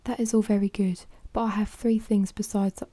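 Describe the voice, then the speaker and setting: A woman's voice: medium pitch, little pitch movement, normal speed, mellow, slightly rough, dry recording, lightly acted. A woman voicing a bold, fearless young man in a whispered role-play.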